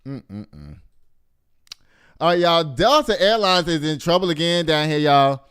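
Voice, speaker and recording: A man in his fifties hosting a gossip show in a casual, animated way, full of exclamations and asides to the audience. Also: fairly high pitch, measured pace, smooth. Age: 50s. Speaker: show host.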